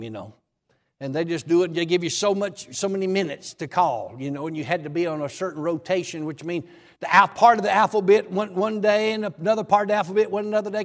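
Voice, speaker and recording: A male preacher with a gravelly, high-pitched voice tells his story in a sermon. He talks in an animated, folksy way and bursts into shouts, and long reverb rings around him in a large hall. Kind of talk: sermon testimony.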